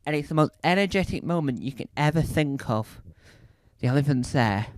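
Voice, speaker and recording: A man telling a rambling, animated comedy story as a stand-up comedian. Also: fairly high pitch, fairly quick, slight background noise. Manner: animated, rambling, acts out bits.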